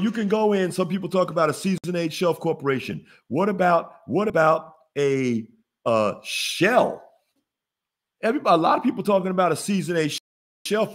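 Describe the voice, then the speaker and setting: Animated man teaching a money webinar. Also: sits high. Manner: preachy, call-and-response, laughs at own jokes. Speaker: webinar host, business funding teacher. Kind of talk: casual motivational webinar teaching.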